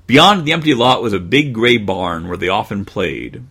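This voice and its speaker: A man hosting a podcast, reading a children's storybook aloud in an expressive way with dry humor. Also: fairly low pitch, moderate pace, husky. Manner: expressive, dryly joking. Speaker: podcast host.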